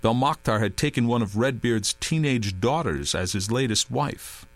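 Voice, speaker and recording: A man giving a measured, expressive scripted reading as an audiobook narrator. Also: medium pitch, no room sound.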